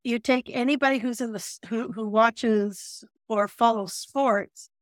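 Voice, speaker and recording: A woman from Calgary co-hosting a podcast, chiming in with quick asides and short comments. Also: a little high, steady tone, no echo, studio quality. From Calgary, Canada. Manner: brief interjections and quick asides. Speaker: podcast co-host. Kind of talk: casual podcast discussion.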